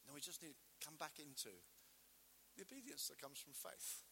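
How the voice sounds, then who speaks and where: A man's voice: a little high, expressive, normal speed, vocal fry, bright, forceful tone, a little hiss or hum. A man preaching a sermon in an emphatic, conversational way, full of rhetorical questions.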